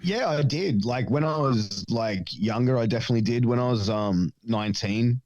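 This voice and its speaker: A man's voice: mid-range voice, moderate pace, a little mellow, no echo, lo-fi sound. Profane, rambling man. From Australia. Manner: rambling, profane, many fillers, acts out voices in stories. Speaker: podcast guest. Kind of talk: casual storytelling chat.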